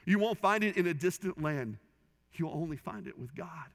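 Pastor preaching in a reverberant hall. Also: male voice, fairly high pitch, expressive, normal speed, creaky. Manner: earnest storytelling with quoted voices, rising and falling in intensity. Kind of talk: sermon.

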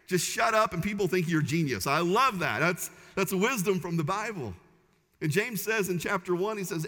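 A man's voice: fairly high pitch, pushed and bright. A man preaching a sermon as pastor, conversational and humorous with punchy repeated phrases. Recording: long hall reverb.

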